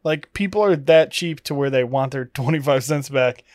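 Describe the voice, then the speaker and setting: A man's voice: mid-range voice, no room sound. Easygoing young man, dry close sound. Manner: easygoing, laughs often, quick asides. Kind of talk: casual chat.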